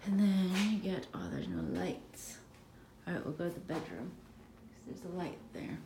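A young woman talking to her camera in a casual vlog, halting and emotional, with many restarts. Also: lowish voice, very animated, a little hiss or hum. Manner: tired, quiet late-night talk. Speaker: vlogger, bride-to-be.

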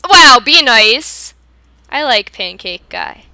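A woman with a Philadelphia accent chatting casually while playing a game, playful and quick to laugh. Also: high-pitched, sing-song, bright, forceful tone, smooth. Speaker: gamer. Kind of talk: casual gameplay chat.

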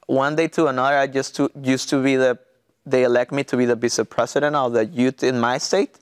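Mexican man, halting accented English. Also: mid-range voice, level tone, clear, resonant tone, dry recording, studio quality. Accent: Mexican Spanish. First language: Spanish. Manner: halting non-native English with many restarts and fillers. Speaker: pastor. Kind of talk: personal testimony interview.

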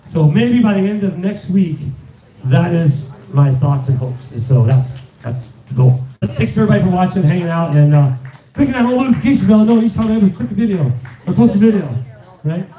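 A man with a high, lively voice that sounds mellow, joking as he hosts a live event. He is heard from far off in an echoey hall. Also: brisk. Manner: jokey, plugging the channel.

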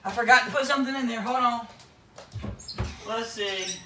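A man's voice: very high voice, normal speed, background noise. A man with a Southern US accent hosting a casual home cooking vlog. He jokes crudely and keeps repeating "that's right, folks.". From Florida, US. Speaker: cooking video host. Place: home kitchen. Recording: echoey room, voice off-mic.

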